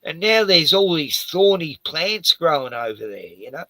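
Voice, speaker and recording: A man's voice: on the high side, very animated, moderate pace, pushed and bright, poor audio. An older man, a retired house painter, rambling and swearing through a casual chat with lots of "you know".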